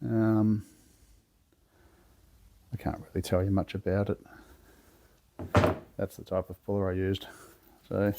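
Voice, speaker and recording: A man with a cold and a hoarse voice, talking through a car chassis rebuild step by step in a relaxed, plain-spoken way from his home garage. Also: lowish voice, normal speed, long pauses. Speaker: workshop builder demonstrating a chassis rebuild. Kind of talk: casual step-by-step how-to explanation.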